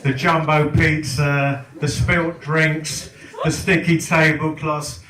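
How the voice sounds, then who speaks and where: A man's voice: a little high, little pitch movement, slow, fairly bright tone. An older man performing a stand-up comedy set, telling stories in a wry, sardonic way. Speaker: stand-up comic. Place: comedy club lounge. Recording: echoey club, distant, noisy.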